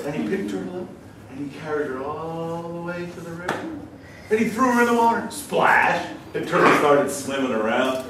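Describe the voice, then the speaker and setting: A man telling a folktale to children at a school, playful and animated, often laughing. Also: on the high side, normal speed. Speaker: storyteller and musician. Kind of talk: storytelling to children. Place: school hall. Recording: echoey hall from far off, noisy.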